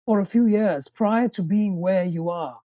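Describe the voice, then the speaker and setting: Mellow-voiced interview host, dry close sound. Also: medium pitch, unhurried, no echo, highs cut off. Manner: warm, probing, recaps guest's story. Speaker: podcast host. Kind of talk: interview conversation.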